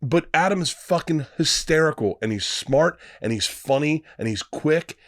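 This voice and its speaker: A man's voice: a little high, moderate pace, no room sound. A man, a guest comedian, telling rambling, profane stories in casual podcast chat on a studio mic. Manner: rambling, profane, animated storyteller.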